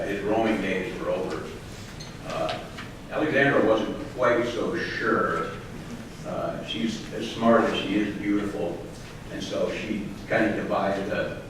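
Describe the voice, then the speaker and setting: A man telling a roast story to a live audience, with a halting delivery full of fillers and restarts. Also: fairly low pitch. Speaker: roast speaker. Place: large hall with live audience. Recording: distant echoey hall recording with noise.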